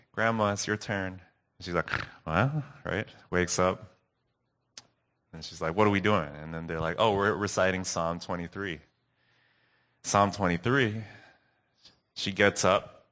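A man preaching a sermon recap, earnest and telling a story with dramatic pauses. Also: low-pitched, fairly even intonation, fairly bright tone.

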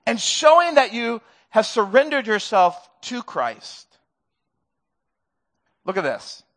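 High-voiced earnest preaching man. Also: sing-song, takes it slowly, a bit bright. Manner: earnest, conversational preaching with self-deprecating humor. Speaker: pastor. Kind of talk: sermon. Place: church sanctuary.

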